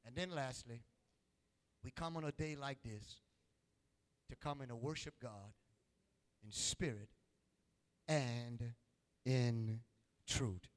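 A man's voice: mid-range voice, slow pace, long pauses, long reverb tail. A man preaching a sermon, calling out to his congregation with rising and falling intensity. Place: church.

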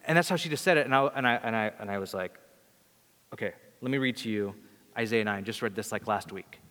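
A man's voice: on the low side, fast talker, a bit bright. Pastor man preaching in echoing hall. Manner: casual storytelling, acts out quoted voices. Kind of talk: sermon storytelling. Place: church hall. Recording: long hall reverb.

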